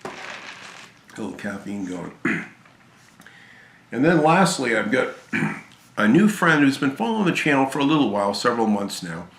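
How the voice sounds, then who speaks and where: A tired, hoarse man chatting casually and gratefully about games he received, rambling with fillers and restarts. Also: medium pitch, very animated, normal speed, pauses often, a bit bright, echoey room, slight background noise. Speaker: gaming channel host. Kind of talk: casual video chat about game pickups.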